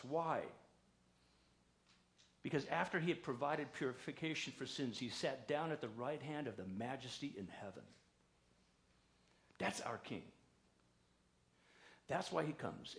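A male pastor preaching a conversational sermon in a church, telling stories and acting out quoted voices. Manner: conversational storytelling preaching, acts out quotes with raised pitch. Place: church sanctuary.

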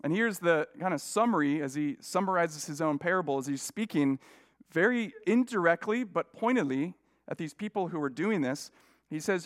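A man's voice: fairly high pitch, animated, moderate pace. A male guest preacher giving a conversational sermon, telling stories with frequent restarts and self-deprecating asides.

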